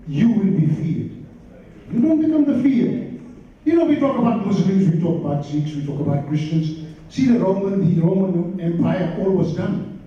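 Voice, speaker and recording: A man's voice: high-pitched, warm tone. A man in his sixties from Fiji, speaking from the floor of a large conference hall in an impassioned, rousing tone. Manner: emphatic, rousing. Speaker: audience member giving a comment. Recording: echoey hall, far from mic, dull.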